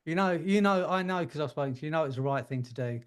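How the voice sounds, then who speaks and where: Man, fairly high voice, casual coaching, joking and laughing, group video call. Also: expressive, fast talker, clear, resonant tone. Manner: warm joking advice, laughs often.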